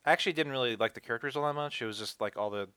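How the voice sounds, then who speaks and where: A young man co-hosting a casual podcast who tells animated stories and laughs often. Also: medium pitch, racing, smooth, no echo. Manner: animated storyteller, laughs often, acts out yells. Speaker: podcast co-host. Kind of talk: casual chat.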